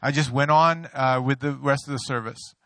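A middle-aged man preaching a sermon, an animated storyteller who mocks himself and laughs often. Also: medium pitch, normal speed, dry recording. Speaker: pastor. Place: church sanctuary.

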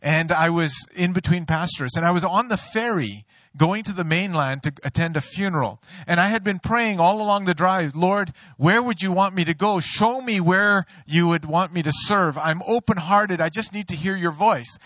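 A middle-aged pastor delivers his sermon in a high, bright voice. He tells stories with a playful, joking touch. The sound is dry and close. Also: moderate pace, dry recording. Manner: storytelling, playful, laughs at own jokes.

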